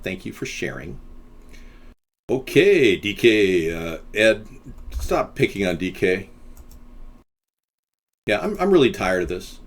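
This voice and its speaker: A man hosting a live video-chat talk show, rambling, joking and teasing the chat room. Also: mid-range voice. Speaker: host.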